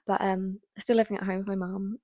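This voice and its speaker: A young woman in her twenties talks casually to her viewers, rambling and full of fillers, her voice sitting at an ordinary middle pitch. At times she slips into a soft whisper. The recording is close and dry, with no room sound. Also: flat delivery, fairly quick, dry recording. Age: 20s. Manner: often drops to a soft whisper. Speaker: vlogger. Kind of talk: casual chat to camera.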